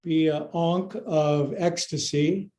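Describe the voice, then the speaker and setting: A man teaching a live yoga class, his voice sitting high but mellow and unhurried. He cues each pose with goofy asides and runs a bit short of breath as he moves along with his students. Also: fairly even intonation. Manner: playful, jokey cueing of poses.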